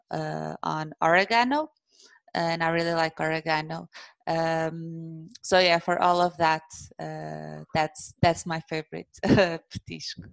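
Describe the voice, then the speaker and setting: A woman chatting as a guest in a slow, thoughtful way, filling her pauses with ums. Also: deep voice, creaky, clean tone, no echo. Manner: slow, thoughtful, with many fillers. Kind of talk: casual chat.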